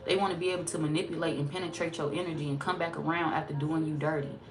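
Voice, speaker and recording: A woman's voice: deep voice, fairly even intonation, quick pace. Blunt, profane woman tarot reader. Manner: blunt, profane, sassy and emphatic. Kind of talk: casual tarot reading monologue.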